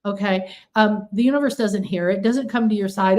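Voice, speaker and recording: A woman's voice: mid-range voice, moderate pace, a little mellow. A middle-aged woman giving a motivational spiritual talk, earnest, stacking long repeated lists and acting out quoted pleas. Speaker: spiritual healing teacher.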